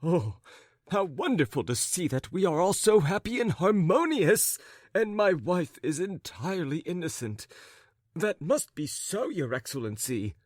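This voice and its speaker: A man's voice: fairly high pitch, sing-song, unhurried, dry recording, studio quality. A man voicing a flustered, jealous husband who stammers and fawns as he babbles on. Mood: flustered fawning.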